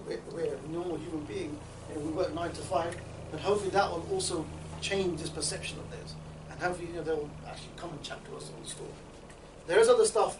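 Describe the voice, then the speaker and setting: Fast, animated man teaching in an echoey room. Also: a little high. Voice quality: animated, joking, acts out street exchanges. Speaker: dawah trainer. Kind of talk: informal training talk to a group. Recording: echoey room, mic far off, background noise.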